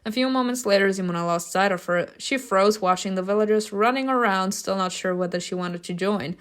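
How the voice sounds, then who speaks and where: A woman reading a story game's narration aloud, breaking off for loud, laughing reactions and casual swearing. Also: mid-range voice, brisk. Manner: reads narration evenly, bursts into loud laughing outbursts. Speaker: streamer reacting to a story game.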